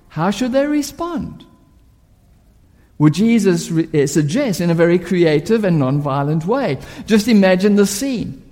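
A male preacher delivering a sermon in a high, animated voice with a mellow tone. He tells stories vividly and poses rhetorical questions at a slow, deliberate pace. A long reverb from a large hall follows his words.

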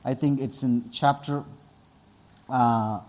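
A man's voice: mid-range voice, steady tone, slow pace, a little mellow. A man with an Indian accent preaching a sermon in church, earnest and repetitive, drawing responses from the congregation. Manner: earnest, repeats himself, asks the congregation for responses. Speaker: pastor.

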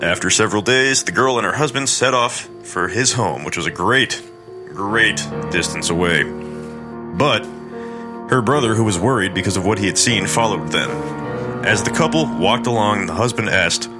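Deep-voiced crude comedic male storyteller. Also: normal speed, music in the background. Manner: irreverent, crude asides and mock voices. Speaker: podcast host and narrator. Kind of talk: comedic horror story narration.

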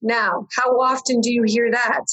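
A woman's voice: on the high side, little pitch movement, moderate pace, fairly bright tone, breathy edge, rough recording. A woman chatting as a guest, upbeat, laughing often and acting out the dialogue in her stories. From Canada. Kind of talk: casual chat.

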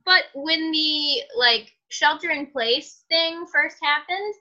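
Woman podcast co-host, bright sharp voice, slightly high, giggly chatty, dull lo-fi sound. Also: takes it slowly. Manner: giggly, chatty, lots of fillers. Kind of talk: casual podcast chat.

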